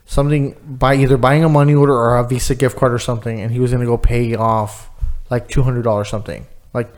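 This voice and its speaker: A man in casual conversation, telling stories and swearing freely. His voice sits at an ordinary mid pitch, and he acts out quotes as he goes. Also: little pitch movement, fast talker, darkish tone. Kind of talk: casual chat.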